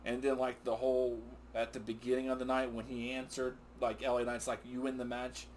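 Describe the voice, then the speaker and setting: A man's voice: medium pitch, fairly quick, slight background noise. A middle-aged man co-hosting a wrestling recap with his son, chatting casually, rambling and getting sidetracked. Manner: excitable, rambling, often sidetracked and laughing. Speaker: co-host of a father-and-son wrestling recap show. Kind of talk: casual chat.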